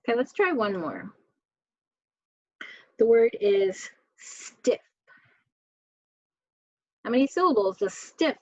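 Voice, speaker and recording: A woman teacher talks through a spelling lesson at a very slow, deliberate pace, sounding out each letter. Her voice is dry and close, with a dull, muffled lo-fi quality to the recording. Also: fairly high pitch, very animated, no room sound.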